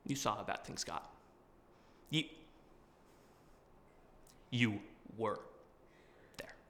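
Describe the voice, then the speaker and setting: A man's voice: lowish voice, extremely slow, sharp tone, a little hiss or hum, voice pushed down, exaggerated voice. A man performing an audition monologue as a young man earnestly pleading with a close friend. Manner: earnest, urgent, confessional. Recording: echoey hall.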